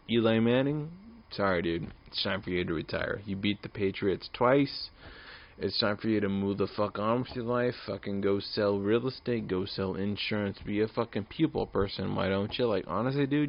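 A man's voice: on the low side, creaky. A drunk man in his early twenties hosting his own podcast alone, rambling, swearing and repeating himself. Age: 20s. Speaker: podcast host. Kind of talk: casual solo podcast rant. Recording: dull lo-fi recording.

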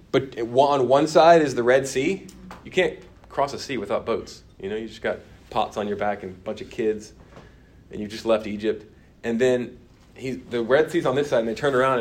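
A man teaching a church Bible course, talking with his class and often dropping to a quiet, emphatic tone. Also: medium pitch. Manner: conversational, answers class comments, drops to quiet emphasis.

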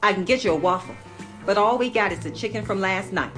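Brusque fast-talking server woman, acted by a woman, film clip, faint music underneath. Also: medium pitch, fairly bright tone, natural voice. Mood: offhand.

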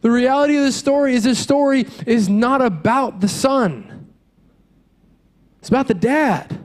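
A man in his thirties with a notably high voice preaches a sermon as a pastor. He talks in an earnest, conversational way, racing through asides and then slowing right down for the emphatic lines.

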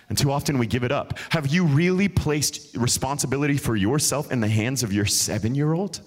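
A man preaching a sermon at a church service, earnest and conversational, speaking straight to the congregation. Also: medium pitch. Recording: loud music under the voice.

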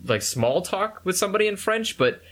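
A young man chatting casually, delivering over-the-top complaints with a dry, deadpan manner. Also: sits high, fairly quick. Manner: deadpan mock outrage, dry joking. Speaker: co-host with a video channel. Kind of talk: casual chat.

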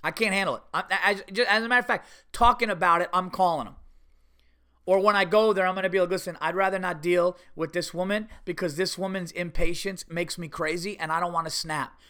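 A man hosts his show alone, ranting about a rude exchange with plenty of swearing. His voice is bright and sharp, pitched a little high. He slips into imitations of the people he quotes. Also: fairly even intonation, brisk, clean tone. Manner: profane, heated, mimics others' voices. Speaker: podcast host. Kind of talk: ranting monologue.

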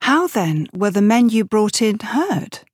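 A woman voicing a gentle, curious young volunteer nurse in an audiobook, speaking softly. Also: medium pitch, big pitch swings, slow, slightly rough, no echo, clean studio sound, pitched above the performer's own voice, heavily acted. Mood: gentle concern.

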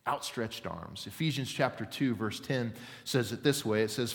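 A man's voice: mid-range voice, expressive, normal speed, few pauses. A man preaching a sermon as pastor, earnest and building emphasis as he tells a story. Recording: reverberant hall.

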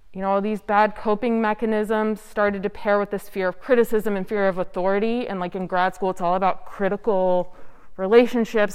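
Young woman telling her recovery story, rambly, lots of "like", smooth voice, echoey hall. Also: mid-range voice, a little mellow. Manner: candid, rambling, heavy use of "like". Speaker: speaker sharing recovery story. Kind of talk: personal testimony at a recovery meeting. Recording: smooth voice with long hall reverb.

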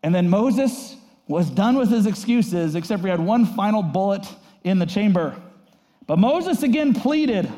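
An animated male pastor who preaches in a lively, chatty way and swings his pitch freely. His voice sits high for a man but has a mellow tone. It rings out with a long reverb, as if from a large hall. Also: measured pace. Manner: animated and conversational, acts out voices in quotes. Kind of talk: sermon.

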